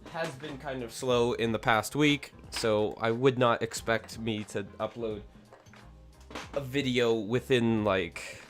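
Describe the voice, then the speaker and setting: A man's voice: medium pitch, fairly bright tone. Rambling man chatting on a stream. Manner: rambling, many fillers and self-corrections. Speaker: livestream host. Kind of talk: casual livestream chat. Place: home hobby room, somewhat echoey.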